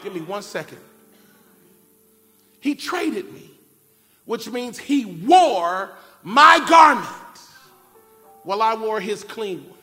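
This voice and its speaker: A man preaching a sermon, telling a family story in an animated way and acting out shouted cries. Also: high-pitched. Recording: long reverb of a large hall. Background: keyboard music.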